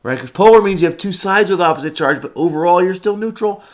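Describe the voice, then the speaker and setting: A man's voice: high voice, quick pace. A man thinking aloud as he solves a crossword, frenetic and muttering to himself, often breaking into bits of song. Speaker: crossword solving video host. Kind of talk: thinking aloud while solving, casual.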